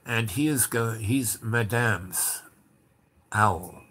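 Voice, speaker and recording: A man's voice: fairly low pitch, very slow, a bit bright, slightly rough. A man telling a long story in a casual, rambling way, with many fillers and restarts, acting out the dialogue.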